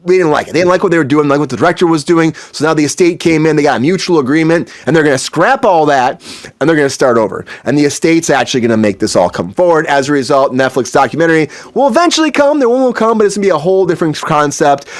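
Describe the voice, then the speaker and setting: A man's voice: a little high, lively intonation, quick pace. A man hosting an entertainment news show, chatting casually in a rambling way that repeats itself. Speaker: host.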